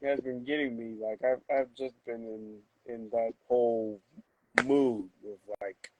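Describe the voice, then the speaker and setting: Mid-pitched man guesting on a live chat; hesitant, soft, repeats himself. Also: fairly even intonation, measured pace, lo-fi sound, noisy background. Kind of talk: casual livestream chat.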